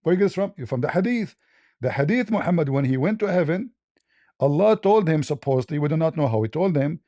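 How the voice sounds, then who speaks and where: Mellow-voiced man debating heatedly. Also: fairly high pitch, expressive, a little fast, no room sound. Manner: argumentative, repeats points, mocking. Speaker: host.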